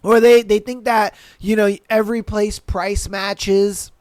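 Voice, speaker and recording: A podcast host riffs on reader stories in loose, slangy talk, with plenty of fillers along the way. The delivery is animated and profane, full of bits that mimic rude customers. The recording is dry and close, with no room sound. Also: medium pitch, a little slow, smooth, dry recording. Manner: animated, swears freely, acts out customers. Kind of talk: casual commentary on reader posts.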